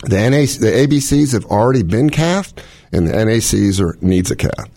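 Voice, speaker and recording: A man's voice: on the low side, animated, a little fast, mellow, no room sound, studio quality. A middle-aged man, a cardiologist, explaining heart conditions in casual chat with analogies and quoted scenarios. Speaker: cardiologist host.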